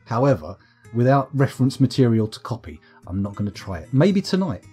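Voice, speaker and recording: A man's voice: mid-range voice, very animated, fairly quick, mellow, breathy edge, faint music behind. A British man with a sore throat, chatting and joking self-deprecatingly as he streams a game live from home. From United Kingdom. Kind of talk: live let's-play commentary. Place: at home, upstairs room.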